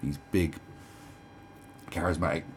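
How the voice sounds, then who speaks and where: His pitch is extremely low, his tone steady, and he takes his time. This commentary channel host, a man in his twenties or thirties, sits indoors at home mocking politicians in a casual, sarcastic, profane rant, slipping into scornful quoted voices over faint background noise.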